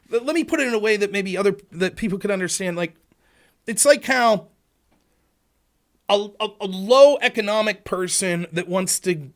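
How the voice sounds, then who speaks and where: Animated, high-pitched male livestream host. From Pennsylvania. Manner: animated, argumentative, acts out quoted exchanges. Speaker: political talk show host. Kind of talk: livestream monologue.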